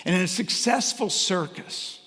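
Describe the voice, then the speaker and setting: A man with a North Carolina accent giving a motivational keynote talk, animated and acting out the voices of his audience. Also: high voice, unhurried. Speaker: keynote speaker. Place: conference hall before a live audience. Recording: reverberant hall.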